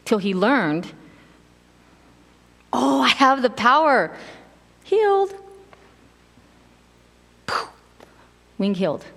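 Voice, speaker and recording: A middle-aged woman giving a casual sermon, telling stories in an animated way and acting out quotes with laughs. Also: on the high side, slow, creaky, pauses often. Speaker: preacher. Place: church sanctuary. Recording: long hall reverb.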